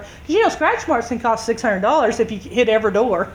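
A woman preaching a sermon, telling a story with lively drama and acted-out shouts. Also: fairly high pitch, fast.

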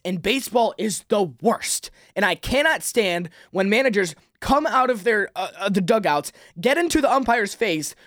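A man's voice: sits high, fairly bright tone, dry recording, studio quality. A man hosting a sports podcast, delivering an exasperated weekly rant with frequent restarts. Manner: heated, exasperated, many restarts. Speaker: podcast host.

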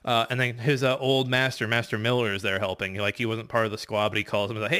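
A man's voice: fairly low pitch, level tone, quick pace, hardly any pauses, sharp tone, smooth. A man racing through a casual game recap, rambling and profane, full of fillers and restarts. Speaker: podcast competitor recapping a game.

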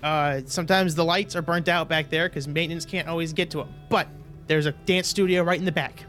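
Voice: medium pitch, fairly even intonation, fairly quick, fairly bright tone, faint music behind, close to an everyday voice. A flustered but helpful woman clerk, put on by a game master in a tabletop role-playing game. She talks in a raised voice and hesitates a lot, stopping herself with hang on and sorry as she fusses. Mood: apologetic. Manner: hesitant, fussing, full of "hang on".

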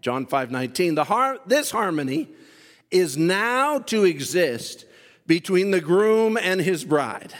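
Fervent high-voiced male preacher, long reverb. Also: sing-song, slow pace. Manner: fervent, shouting and drawing out phrases. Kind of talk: sermon. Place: church sanctuary.

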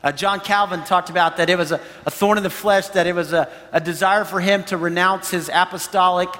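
A man's voice: sits high, steady tone, a little fast, bright, forceful tone, big-room sound. A man preaching a sermon as pastor, talking to his congregation in a loose, conversational way. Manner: conversational preaching with frequent "you know" and "right?".

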